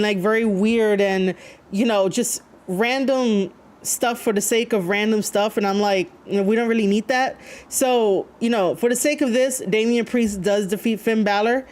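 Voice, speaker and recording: At a normal speed and in a slightly high voice, a woman reacts to wrestling on a live stream, chatting loosely with her viewers, leaning on fillers, and reading chat out loud.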